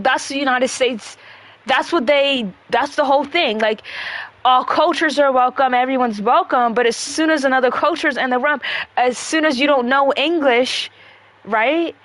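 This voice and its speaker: A young woman ranting on a livestream into a close mic, combative and full of swearing, talking fast and breathing hard. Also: high voice, a bit bright, no room sound. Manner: profane, combative, rapid rants with breathing. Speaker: livestreamer answering chat.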